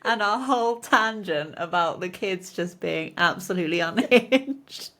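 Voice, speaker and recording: A woman's voice: fairly low pitch, expressive, a little slow, fairly bright tone. A woman co-hosting a podcast in casual chat, telling stories and laughing often. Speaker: podcast co-host.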